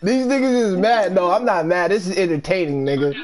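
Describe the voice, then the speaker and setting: A man's voice: high-pitched, lively intonation, a little fast, a crowd in the background. A male gaming streamer giving live commentary, trash-talking opponents in a brash, profane way and laughing at them.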